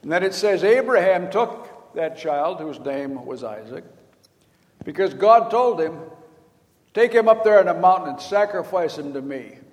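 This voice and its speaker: An older man preaching in a folksy, storytelling way, slipping into the voices of the people in his story. His voice sits a little higher than most men's. The sound carries a long reverb, as in a large hall. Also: lively intonation, a little slow. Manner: folksy storytelling, acting out quoted lines. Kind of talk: sermon.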